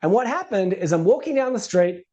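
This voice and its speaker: A man's voice: high-pitched, fairly quick, dull audio. A man walks through pricing ideas in a casual, conversational teaching style. He tells stories with energy and briefly acts out the other people in them. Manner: animated storytelling, acts out quoted people. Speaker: business educator.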